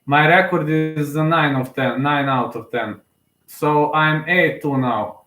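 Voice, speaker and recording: A man's voice: a little high, takes it slowly. Emotional man, echoey room. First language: Serbian. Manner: emotional, hesitant, thinking aloud. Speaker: live fight commentator. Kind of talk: casual live commentary.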